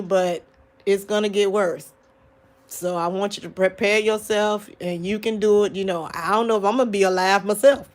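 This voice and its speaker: A woman in a late-night livestream talking to her viewers, grieving and tearful, halting often with restarts. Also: mid-range voice. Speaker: livestream vlogger.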